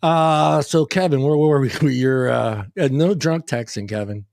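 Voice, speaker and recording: A man's voice: fairly high pitch, unhurried, creaky, darkish tone, no echo, studio quality. A man hosting a podcast in casual chat, joking and laughing loosely with plenty of swearing. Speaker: podcast host.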